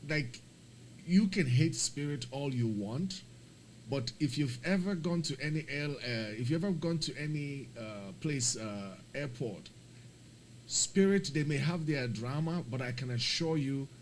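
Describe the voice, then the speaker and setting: This flight-sim streamer's voice sits on the high side, with slight background noise behind it. He chats casually and rambles apologetically as he talks himself through the setup, staying animated and laughing a lot when a rant turns emphatic.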